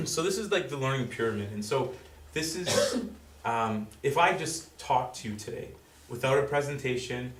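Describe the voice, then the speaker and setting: A man giving a school presentation to parents, explaining in a halting way full of fillers and restarts. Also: medium pitch, expressive. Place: school room with audience. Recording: roomy, distant, faint background noise.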